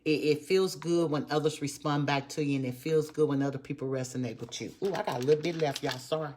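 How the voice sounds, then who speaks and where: This woman's voice is low, dark-toned and steady, and she talks fast over a slight hiss or hum. A network marketer from Texas in her 50s, she preaches motivation to her live-stream viewers with emphatic repetition, addressing them as y'all.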